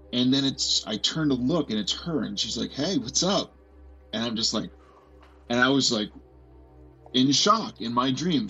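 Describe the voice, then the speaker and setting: A man in his forties telling a personal story as a podcast guest, earnest and halting, often restarting and filling with "like". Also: mid-range voice, creaky, a bit bright, dull audio. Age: 40s.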